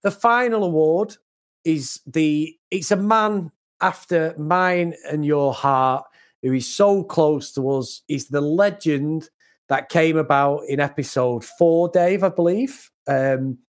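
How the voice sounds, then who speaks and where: A man's voice: fairly high pitch, slow pace. A man from the UK co-hosting a podcast, chatting casually and laughing often. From United Kingdom. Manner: animated, laughs often, mocking. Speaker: podcast co-host. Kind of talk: casual chat.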